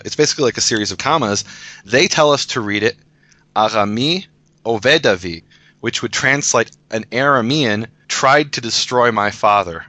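A man's voice: fairly low pitch, bright, forceful tone. A man in a casual discussion, patiently explaining scripture as a guest teacher, often restarting his sentences.

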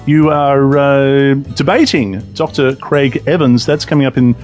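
A man's voice: mid-range voice, a little slow, darkish tone, soft background music. An enthusiastic man hosting an online talk show, repeating phrases for emphasis. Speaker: podcast host.

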